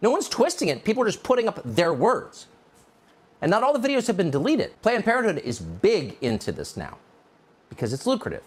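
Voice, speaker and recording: A man's voice: high-pitched, huge pitch swings, brisk. American guy ranting on a commentary show, sarcastic and outraged, voice jumps all over the place. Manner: mocking, indignant, sarcastic. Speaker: political commentator. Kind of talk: opinion monologue.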